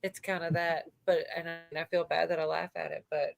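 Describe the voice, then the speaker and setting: A woman's voice: sits low, flat delivery, brisk, gravelly, over music. A woman hosting a livestream in casual chat, rambling with many fillers and laughing often as she talks. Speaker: livestream host.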